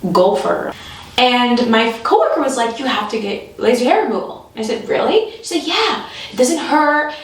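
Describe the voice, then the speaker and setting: A woman telling a comic story in an animated way, laughing often and acting out the voices of the people in it. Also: mid-range voice, creaky, a little hiss or hum. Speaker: comedian. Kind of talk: storytelling comedy. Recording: echoey room, from a distance.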